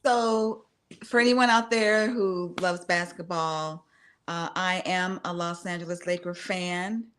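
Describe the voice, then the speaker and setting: A woman co-hosting a podcast, chatting in a relaxed, unhurried way. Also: lowish voice, a little hiss or hum. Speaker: podcast co-host. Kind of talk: casual chat.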